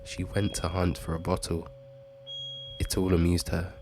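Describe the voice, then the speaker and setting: A man steadily reading a short story aloud in an unhurried way. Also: low-pitched, monotone, gravelly, background noise. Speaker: reader.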